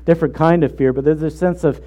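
Male pastor delivering a sermon, relaxed dark tone, deliberate emphatic phrasing. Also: a little high, dull audio. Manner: earnest, measured preaching with slow emphatic phrases.

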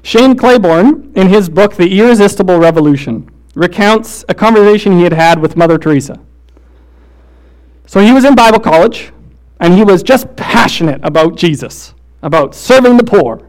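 A man preaching a sermon, swinging between quick casual storytelling full of "like" and "right?" and slow, hushed emphasis. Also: high-pitched, expressive.

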